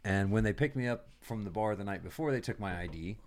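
Low-voiced man telling a wild story. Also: fast talker, slight background noise. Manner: animated, profane anecdote telling. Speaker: podcast host. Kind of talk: casual storytelling chat.

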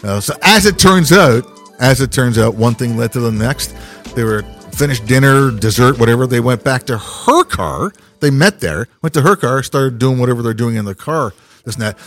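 A man's voice: medium pitch, moderate pace, soft background music. A man, a guest dating coach, telling stories casually on a podcast and acting out his quotes. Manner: animated storyteller acting out quotes.

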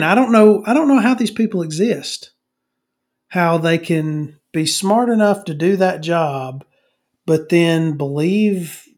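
A middle-aged man on a comedy podcast, ranting and rambling with constant swearing and many restarts. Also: on the high side.

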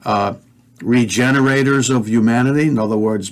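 Guy hosting a talk show, mid pitch, ranting hot and preachy, swears a lot, talks right at the listeners. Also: unhurried. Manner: fiery, profane, preachy, addresses listeners directly. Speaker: podcast host. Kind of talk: heated conspiracy talk show rant.

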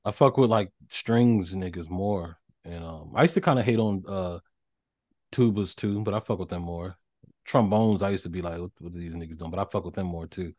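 A man with a lowish voice co-hosting a casual podcast chat. He drawls in a laid-back way and tosses out dry remarks. His voice sounds close and dry, with no room around it. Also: normal speed, a little mellow, no echo. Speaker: podcast co-host.

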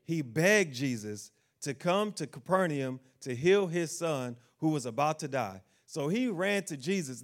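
A preacher with a voice a little higher than most men's. He reads scripture, then retells it with quoted lines for each figure, and keeps asking the congregation questions to pull them along. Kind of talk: sermon.

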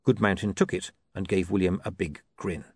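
A man's voice: sits low, fairly even intonation, normal speed, darkish tone, husky, dry recording. A man reading a comic novel aloud as narrator, with wry, dry storytelling. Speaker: audiobook narrator. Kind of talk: scripted narration.

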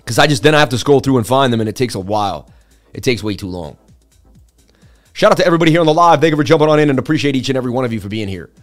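A man hosting a live market-analysis stream, talking in a chatty, excitable way and turning to his viewers to answer chat between chart readings. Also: mid-range voice, rapid-fire, soft background music. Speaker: livestream host.

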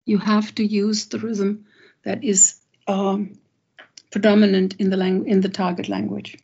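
A woman poet and translator, speaking thoughtfully and haltingly in an interview, with many pauses and restarts, and reading a poem aloud. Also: medium pitch, flat delivery, mellow, breathy edge. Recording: dull lo-fi recording.

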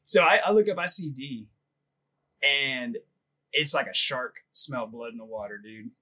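A man's voice: mid-range voice, a little slow, pushed and bright. A man in his thirties on a comedy podcast, telling a crude story in a rambling way, laughing often and leaning on filler words. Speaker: podcast co-host.

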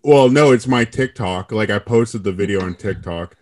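Young man, casual chat, wry, self-deprecating, lowish voice. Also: moderate pace, darkish tone, no echo, studio quality.

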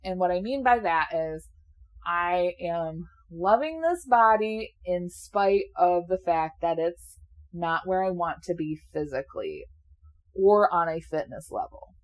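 A woman's voice: on the low side, expressive, measured pace. A woman in her late twenties chatting casually and candidly, laughing often and swearing now and then, a little sleepy. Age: 20s. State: sleepy, yawning. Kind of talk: casual chat.

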